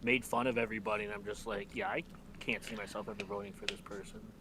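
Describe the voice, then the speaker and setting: An easygoing man joins a casual group chat as a guest and puts questions to the others. His tone is relaxed and friendly. A faint hiss sits behind his voice. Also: on the low side, fast talker.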